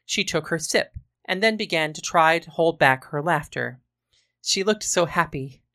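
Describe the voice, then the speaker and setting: Woman storyteller, wry narration, bright and low-pitched. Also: lively intonation, measured pace.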